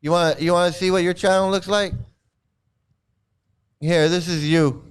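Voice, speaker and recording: A male streamer rants in a combative, mocking way, circling back over the same jabs again and again. His voice is high and smooth. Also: fairly even intonation, moderate pace. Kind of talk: ranting commentary.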